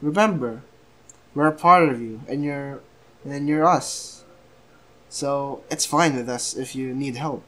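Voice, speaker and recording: A man voicing gentle spirit companions who calmly reassure a young hero in a fan-told story. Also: medium pitch, slow pace. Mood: reassuring. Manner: calm, reassuring.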